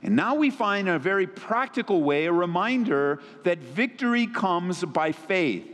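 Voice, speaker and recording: Animated male pastor in a reverberant hall. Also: normal speed. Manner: animated preaching with sweeping pitch swings. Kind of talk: sermon. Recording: long reverb of a big hall.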